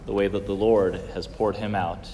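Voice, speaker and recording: Earnest priest preaching in a church. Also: male voice, lowish voice, level tone, normal speed, long reverb tail. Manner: earnest, swings from loud emphasis to soft hush. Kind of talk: sermon.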